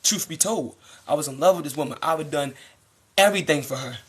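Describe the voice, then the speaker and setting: A young American man in a casual live-stream monologue, animated and slangy, preaching to his viewers. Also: a little high, fast, husky. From United States. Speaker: livestreamer.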